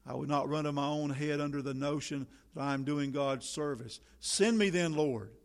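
A man's voice: on the high side, flat delivery, brisk, vocal fry. A man preaching a sermon in solemn, old-fashioned biblical language, building to fervent appeals. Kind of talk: sermon reading.

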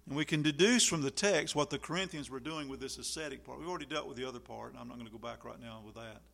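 A man preaching a sermon, lively and animated, acting out the people he quotes. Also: mid-range voice, quick pace, vocal fry. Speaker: pastor.

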